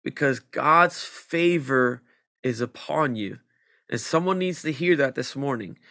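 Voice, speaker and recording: A man preaching a sermon, reading scripture and pressing his points with slow, emphatic delivery that climbs in intensity. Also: mid-range voice, vocal fry, bright, forceful tone, dry recording, clean studio sound. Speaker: pastor.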